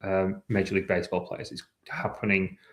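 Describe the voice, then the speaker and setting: A man, co-hosting a sports podcast with a dry, measured delivery. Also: low voice, little pitch movement, fairly bright tone. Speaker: podcast co-host. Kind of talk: casual chat.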